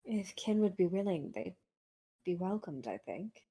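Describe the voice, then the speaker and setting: Slow, lively-pitched woman player. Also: breathy edge. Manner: careful, measured planning. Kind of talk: casual tabletop game chat.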